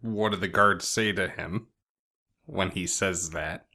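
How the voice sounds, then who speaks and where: A man's voice: low-pitched, slow, sharp tone. Man playing in a tabletop game. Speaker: player. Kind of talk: casual tabletop role-play.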